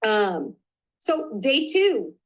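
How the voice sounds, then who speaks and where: Excitable chatty woman coaching a live stream. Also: on the high side, extremely slow, low-quality recording. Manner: chatty and excitable, mutters to herself while fixing slides. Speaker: host of a live business training.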